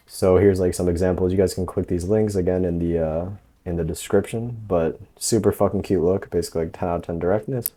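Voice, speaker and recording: Deep, mellow-voiced male dating coach. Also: moderate pace. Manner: relaxed, loose, lots of fillers like "um" and "like". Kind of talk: casual instructional voice-over.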